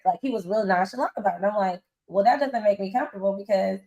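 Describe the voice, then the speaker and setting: A woman's voice: mid-range voice, quick pace, muffled recording. Woman in her forties, blunt and informal, slangy storytelling, echoey room. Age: 40s. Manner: animated, acts out others' lines in quotes. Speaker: reality show cast member, guest. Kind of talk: candid interview storytelling.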